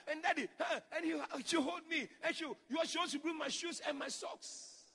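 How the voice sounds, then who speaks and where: A male pastor preaching a sermon, acting out quotes and shouting lines for emphasis. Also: very high-pitched, moderate pace, long reverb tail. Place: church.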